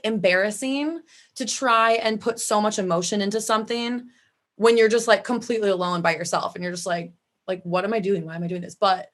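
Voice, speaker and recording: A woman from the Chicago area with a Midwestern accent, chatting as a guest about singing, full of "like" fillers. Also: mid-range voice. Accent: Midwestern American. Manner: chatty, frequent "like" fillers, laughs easily. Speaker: vocalist guest. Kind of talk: casual interview chat.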